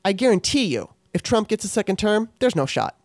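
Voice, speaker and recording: This woman hosts a podcast on her own, chatting casually but passionately, agitated and swearing freely. Her medium-pitched voice is very animated and fairly quick. The studio-quality audio has no echo.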